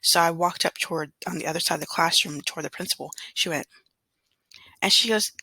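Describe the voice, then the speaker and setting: A woman from Southern California, a substitute teacher, telling a story to camera in a chatty, rambling way with fillers and throat clearing. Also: lowish voice, brisk, sharp tone, no echo. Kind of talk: casual storytelling vlog.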